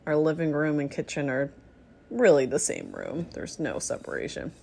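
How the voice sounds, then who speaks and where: A woman with a deep voice and vocal fry speaks at a moderate pace, with a little hiss or hum present. She vlogs from her small apartment kitchen as she cooks, chatting casually to the camera, rambling, and thinking out loud.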